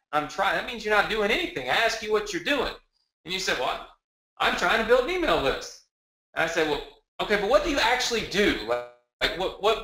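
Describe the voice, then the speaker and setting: A man presenting a live sales webinar from his home, energetic and repetitive, rallying the audience with questions. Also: high voice, echoey room, poor audio. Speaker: webinar presenter selling a product. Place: home office.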